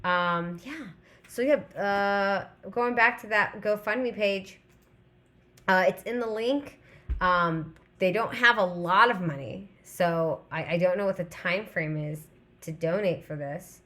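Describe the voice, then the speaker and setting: Bright-voiced chatty woman streamer. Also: mid-range voice, takes it slowly. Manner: rambling, chatty, reads chat aloud. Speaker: livestream host. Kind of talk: casual chat to live chat.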